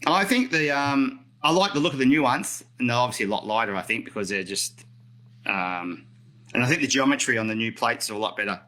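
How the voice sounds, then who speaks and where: Aussie bloke, middle-aged, bright punchy voice, chatty and rambly, fixing skates on a live stream. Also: male voice, medium pitch, lively intonation, brisk, poor audio. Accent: Australian. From Australia. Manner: chatty, rambling, self-correcting, reads out viewer comments. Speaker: roller skate hobbyist demonstrating maintenance. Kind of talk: casual live-stream tutorial.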